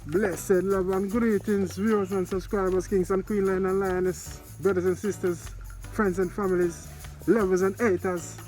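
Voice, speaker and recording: Jamaican male vlogger, rambling and repetitive, high-pitched, light music bed. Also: level tone, normal speed, a little mellow. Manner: rambling, repetitive greetings to viewers. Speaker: vlogger commenting on news. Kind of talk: casual spoken commentary.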